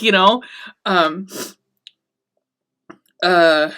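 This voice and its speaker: A woman's voice: medium pitch, measured pace. A woman hosting a podcast, recapping a TV episode in casual, profane chat and acting out the characters' lines. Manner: chatty and excitable, swearing often, acting out the characters' lines.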